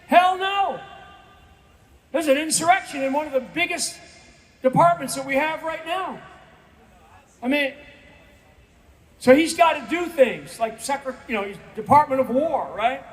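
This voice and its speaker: Older man in his 60s, guest speaker at a rally; very high voice, emphatic and repetitive, pleading tone. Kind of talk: rally speech. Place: event stage.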